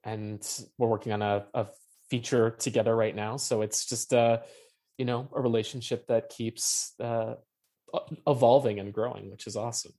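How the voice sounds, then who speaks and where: A man's voice: mid-range voice, steady tone, moderate pace, dark tone. Passionate, rambling male playwright guest. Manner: passionate, rambling, swears casually, many fillers. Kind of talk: casual interview talk.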